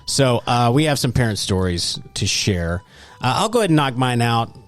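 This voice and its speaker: A man's voice: medium pitch, moderate pace. A man hosting a casual podcast chat, telling stories with frequent laughter. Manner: animated storyteller who laughs often. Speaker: podcast host.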